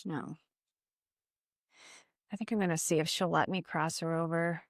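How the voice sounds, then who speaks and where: A woman who works as a psychic medium, chatting earnestly and gently coaxing unseen spirits during a walk outdoors in a cemetery. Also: deep voice, fairly even intonation, moderate pace, no echo, clean studio sound. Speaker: psychic medium and energy healer. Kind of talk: casual talk during a graveyard walk.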